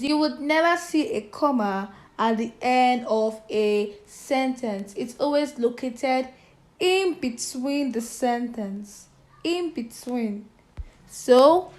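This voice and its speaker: A woman teacher with a Nigerian accent reads a short story to children and then reviews it with them. Her voice sits high, and she goes slowly and deliberately. She spells new words out letter by letter. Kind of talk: reading aloud and teaching children.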